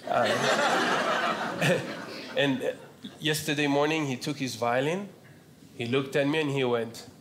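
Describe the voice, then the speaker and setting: A young man with a French accent doing a stand-up set, playful with deadpan punchlines. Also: medium pitch, slow pace, very noisy. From France. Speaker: stand-up comedian. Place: comedy club stage. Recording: roomy club with loud audience laughter. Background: audience laughter.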